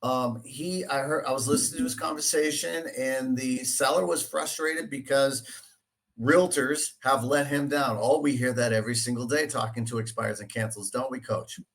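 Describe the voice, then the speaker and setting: A man with a Boston accent, a real estate agent interviewed as a guest, talking haltingly with many restarts and fillers. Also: medium pitch, a bit bright. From Dorchester, Massachusetts. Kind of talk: casual interview.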